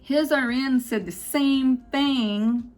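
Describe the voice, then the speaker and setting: A woman speaks to her camera in a casual storytime vlog, her voice a little high. She talks with emotion and acts out what others said as she retells it. Faint music plays underneath. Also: a little mellow. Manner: emotional, quotes others in quick retold dialogue. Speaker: vlogger.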